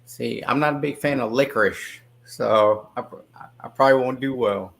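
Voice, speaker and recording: A man's voice: mid-range voice, normal speed, vocal fry. A man appearing as a guest on a live stream, giving short reactions and thinking aloud. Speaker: guest, fitness coach. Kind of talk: casual chat on a video call.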